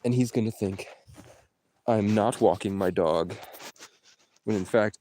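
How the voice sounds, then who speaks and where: A man's voice: lowish voice, a little slow, mellow, a little hiss or hum. A man rambling through a profane, jumpy livestream monologue from his parked car and the street around it. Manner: rambling, profane, jumps between topics.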